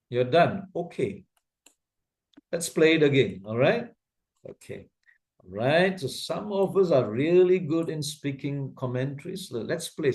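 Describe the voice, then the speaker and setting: A man with an Asian English accent walks his learners through a video-editing tool at an unhurried, deliberate pace. He is patient and repeats each step. He keeps checking that everyone can see what he means. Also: a little high. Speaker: trainer teaching video editing. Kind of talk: slow step-by-step software tutorial.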